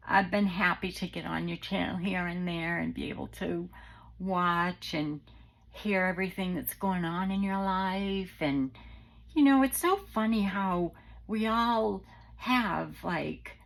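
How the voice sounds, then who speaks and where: A woman's voice: on the low side, takes it slowly, vocal fry, rough recording. A middle-aged woman, chatting casually and rambling with many ums as she hosts her craft channel. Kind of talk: casual chat to viewers.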